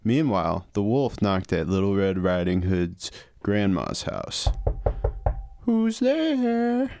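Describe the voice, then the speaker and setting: A man's voice: deep voice, lively intonation, unhurried, vocal fry, slight background noise. A man narrating a fairy tale for an improv comedy, reading the story beats and steering the players.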